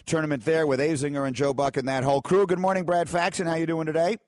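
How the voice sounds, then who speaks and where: Male sports radio host, fairly high-pitched, dry studio mic, playful and preachy. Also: fairly even intonation, fast talker, a little mellow, no room sound. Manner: theatrical, mock-preachy and emphatic. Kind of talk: animated sports talk radio banter. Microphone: studio microphone.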